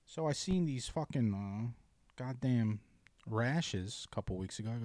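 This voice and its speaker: A man in casual chat, ranting profanely about his bad day, dropping to mumbles and then yelling. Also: mid-range voice, expressive, moderate pace, dry recording.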